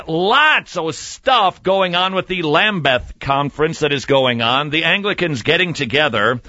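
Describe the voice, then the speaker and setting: A man hosting a Christian talk radio show, jokey and animated, swinging between loud bursts and muttered asides. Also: on the high side, normal speed, few pauses, no room sound, highs cut off. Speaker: radio host. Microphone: studio desk mic.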